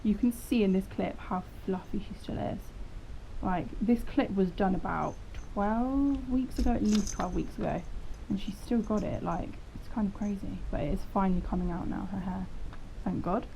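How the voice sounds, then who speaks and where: A woman's voice: medium pitch, moderate pace, creaky, warm tone. A woman casually narrating a horse-riding vlog in a chatty, rambling, self-deprecating way. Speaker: horse vlogger. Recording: dull lo-fi sound with faint noise.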